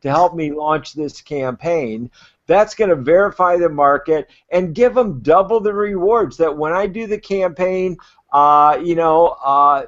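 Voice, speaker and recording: Enthusiastic adviser, male, higher-pitched, dull lo-fi call audio. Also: unhurried. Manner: excited, rambling, self-described natural enthusiast. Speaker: crowdfunding adviser. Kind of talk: enthusiastic advice on a live web show. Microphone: video call.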